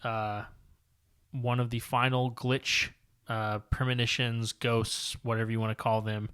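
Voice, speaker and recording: A man's voice: mid-range voice, little pitch movement, a little slow, a bit bright, clear, resonant tone. A man co-hosting a comic book podcast, casually recapping and reading panels aloud in a long-winded, rambling way. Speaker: podcast co-host.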